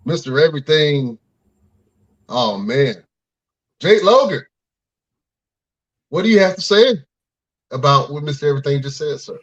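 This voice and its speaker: Hype-man podcast host, lively up and down voice, kinda muffled lo-fi audio. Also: fairly high pitch, unhurried, long pauses. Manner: excitable, hype-man reactions. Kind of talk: hyped podcast hosting. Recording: lo-fi dull audio.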